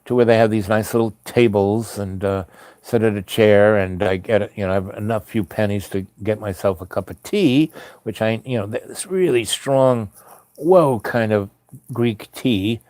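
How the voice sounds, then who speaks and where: A man's voice: on the low side, moderate pace, a little mellow, no room sound. A man telling a personal travel story in a casual, rambling way, full of fillers and restarts.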